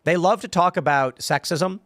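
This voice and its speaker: A man's voice: sits high, normal speed, no echo, studio quality. A man hosting a political panel show, talking animatedly and slipping into impressions of the people he quotes. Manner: animated, mimics others' voices mid-story. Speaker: show host.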